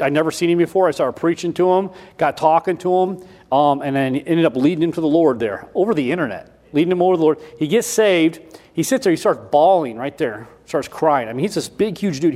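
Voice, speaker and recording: A man preaching a sermon in a folksy, repetitive way, switching between loud emphasis and quiet asides. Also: fairly high pitch, animated, brisk. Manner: folksy, repeats himself with restarts.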